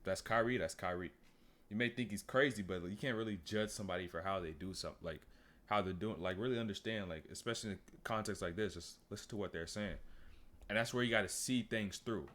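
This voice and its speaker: A fairly low-pitched man with talks loosely over a clip on his stream. His delivery is relaxed and rambling, and he often stops to talk to his chat. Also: fast talker. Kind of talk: casual stream commentary.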